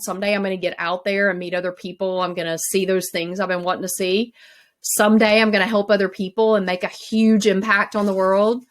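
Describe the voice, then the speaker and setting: A woman giving a relaxed, motivational coaching talk in a chatty, conversational way. Her voice sits at a middle pitch, and she often laughs at herself. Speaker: life coach.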